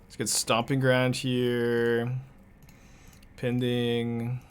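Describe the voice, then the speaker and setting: A man's voice: mid-range voice, monotone, very slow, smooth. A young man casually commenting on a card game as he plays, thinking aloud and laughing often.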